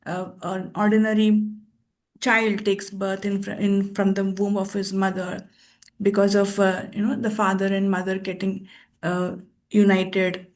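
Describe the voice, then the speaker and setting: A woman teaching a scripture class, telling a story in a thoughtful, pausing way with restarts. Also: medium pitch, level tone, darkish tone. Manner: thoughtful, with frequent pauses and restarts.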